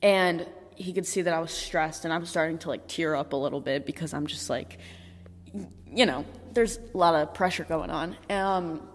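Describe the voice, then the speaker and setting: Young woman, low-pitched, casual storytelling, lots of filler words, long reverb in the recording. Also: moderate pace. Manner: candid, chatty, heavy use of filler "like", swears. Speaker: vlogger.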